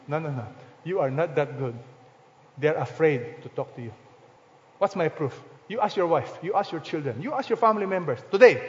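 A man with a Filipino accent preaching a sermon as pastor, firing rhetorical questions and swinging between loud stresses and hushed lines. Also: high voice, big pitch swings, normal speed. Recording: reverberant hall, dull lo-fi sound.

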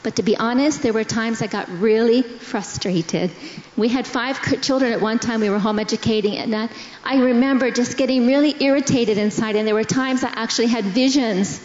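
A middle-aged woman telling a personal story to a church congregation in a slow, earnest way. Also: fairly high pitch, darkish tone. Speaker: pastor's wife sharing testimony. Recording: echoey hall, dull sound.

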